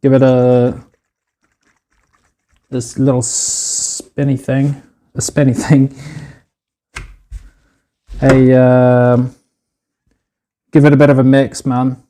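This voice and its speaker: A man's voice: mid-range voice, monotone, very slow, long pauses, mellow, slight background noise. A man streaming himself cooking in a home kitchen on a phone, chatting casually, swearing freely and calling his viewers "boys". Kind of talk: casual live-stream chat while cooking.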